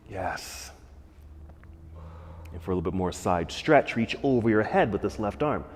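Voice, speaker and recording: A man leading a guided yoga class, giving calm, encouraging cues about posture and breathing. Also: lowish voice, a little slow, pauses often, long reverb tail, a little hiss or hum. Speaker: yoga instructor. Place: yoga studio.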